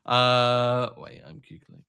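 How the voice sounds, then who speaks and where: A man's voice: mid-range voice, completely flat delivery, takes it slowly, creaky, pushed and bright, smooth. A man in his thirties co-hosting a podcast, dry and sarcastic in casual chat. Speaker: podcast co-host.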